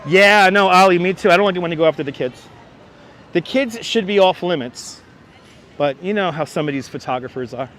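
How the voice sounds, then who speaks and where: Brooklyn guy livestreaming a walk around the city, kinda high voice, chatty, faint traffic behind. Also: brisk. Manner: chatty, animated, often thanking viewers by name. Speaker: livestream host. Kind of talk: walking tour livestream, chatting with viewers. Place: city streets outdoors. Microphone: wireless clip-on mic.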